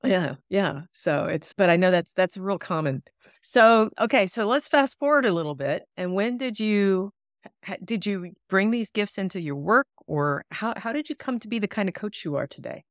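A woman hosting a podcast, an affirming listener who chats casually and asks relaxed questions over a video call. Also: mid-range voice, moderate pace, no room sound, clean studio sound. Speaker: podcast host. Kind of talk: casual interview chat.

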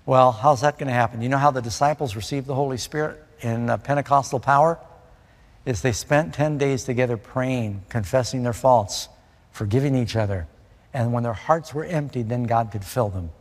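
A man's voice: mid-range voice, normal speed, big-room sound. A man from New York City preaching a conversational sermon, often putting questions to his listeners.

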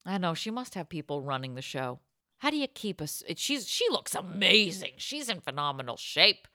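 Animated bright-voiced woman podcast host. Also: lowish voice, normal speed, dry recording. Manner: excitable, goofy storytelling. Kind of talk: casual chat.

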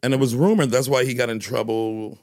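A man's voice: mid-range voice, fairly even intonation, brisk, darkish tone, dry recording, studio quality. A male comedian co-hosting a podcast, teasing and joking in casual banter. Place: podcast studio.

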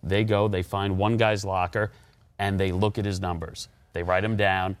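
A middle-aged man co-hosting a casual sports podcast, telling anecdotes with animated delivery. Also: low voice, moderate pace, dry recording. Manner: animated storyteller, acts out voices in anecdotes. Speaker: podcast co-host.

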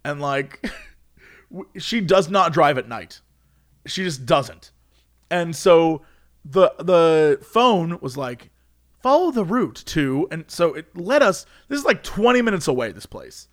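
Young man, high voice, lively storyteller, laughs through his own mishaps. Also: slow. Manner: animated, laughs often, acts out quotes. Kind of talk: casual anecdote.

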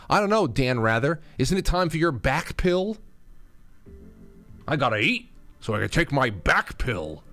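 A man's voice: mid-range voice, big pitch swings, measured pace, pauses often, bright, forceful tone, no echo, faint music behind. A male host giving angry, insulting, sarcastic political commentary, ranting about news clips.

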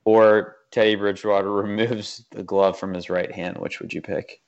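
A man's voice: on the low side, little pitch movement, normal speed, muffled recording. A man co-hosting a podcast, chatting casually and dropping dry questions and quips. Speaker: podcast co-host. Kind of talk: casual chat.

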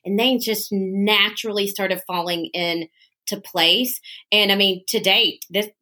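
A woman's voice: medium pitch, a little slow. A woman, a podcast guest telling her business story and acting out quoted voices. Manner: animated, acts out quoted dialogue. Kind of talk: casual storytelling interview.

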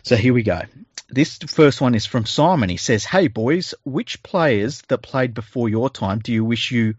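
A man's voice: mid-range voice, expressive, unhurried, breathy edge, no room sound, highs cut off. An Australian man co-hosting a podcast, chatting casually with plenty of laughing, joking and swearing. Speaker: podcast co-host. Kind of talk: casual banter.

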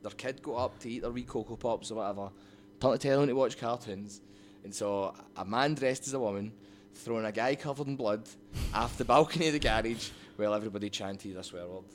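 A man with a Scottish accent, guest in an interview, telling rambling, animated anecdotes full of "like"s. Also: lowish voice, a little fast, hardly any pauses. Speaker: wrestling promotion owner, guest. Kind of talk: casual storytelling interview.

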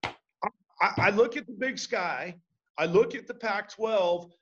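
A man's voice: high voice, measured pace, slight background noise. A man hosting sports talk, emphatic and passionate, often stumbling over restarts as he builds to heated appeals. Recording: dull lo-fi audio.

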